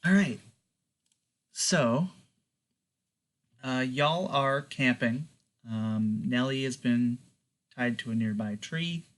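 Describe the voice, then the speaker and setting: Man, game master, slow easygoing delivery, ums and uhs. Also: mid-range voice. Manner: relaxed, unhurried narration with fillers. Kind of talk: narrating a tabletop game.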